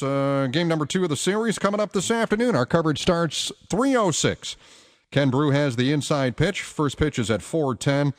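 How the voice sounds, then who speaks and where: This male radio host has a fairly high voice with a big-room sound to it. Opinionated and forceful, he throws out rhetorical questions during his monologue and between listener calls.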